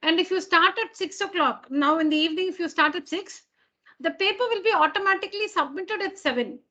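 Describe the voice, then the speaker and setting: A woman's voice: very high-pitched, brisk, bright, forceful tone, muffled recording. A woman teacher talking to her students in an online class. She explains patiently, repeating and rephrasing each point. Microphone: computer mic on a video call.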